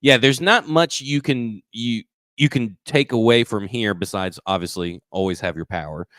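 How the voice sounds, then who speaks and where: A man's voice: fairly low pitch, moderate pace, a bit bright, no room sound, clean studio sound. A man co-hosting a live football podcast, reeling off prospect measurements with eager enthusiasm and the odd stumble over his words. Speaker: sports podcast co-host. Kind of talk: casual live show chat.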